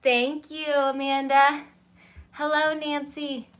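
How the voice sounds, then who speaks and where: A woman's voice: high-pitched, little pitch movement, slow pace, a bit bright. A woman in her thirties hosting a live baking stream from a small home kitchen on her phone, chatty, greeting viewers by name and stopping to tell her kids what to do. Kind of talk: casual live-stream chat.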